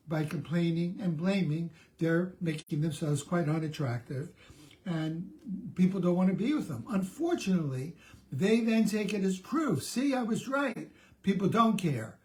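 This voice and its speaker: A man's voice: fairly high pitch, mellow. A middle-aged man, a therapist, giving a conversational self-help talk, often restarting and repeating words.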